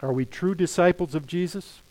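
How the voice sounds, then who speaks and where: A man's voice: on the high side, moderate pace, darkish tone, low-quality recording. A middle-aged man preaching a sermon as pastor, emphatic, firing off rhetorical questions and quoting scripture.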